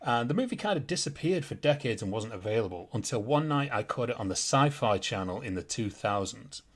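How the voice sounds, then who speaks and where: A man's voice: mid-range voice, animated, a little fast, slightly rough. A British man hosting a podcast in casual chat, laughing often and going on grumbling rants. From Britain. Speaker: podcast host.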